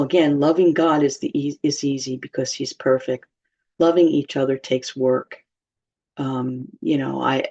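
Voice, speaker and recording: A church teacher with a very deep, mellow, husky voice chats her way through a light-hearted Bible lesson, laughing frequently. The lo-fi recording comes across slightly dull.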